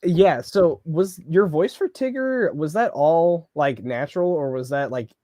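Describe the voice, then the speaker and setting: A man hosting a casual film interview, easygoing and quick to chime in with agreement. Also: on the high side, animated, warm tone, no echo, clean studio sound. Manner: easygoing, frequent backchannel "yeah". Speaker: film podcast host.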